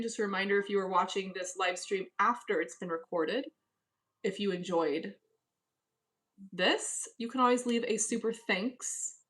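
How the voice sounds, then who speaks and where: Woman on a home livestream, cool and kinda dismissive, just chatting with her viewers, normal middle pitch. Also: fairly bright tone. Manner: cool, dismissive, reads chat aloud. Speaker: live stream host reading chat. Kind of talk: casual live chat. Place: at home, indoors.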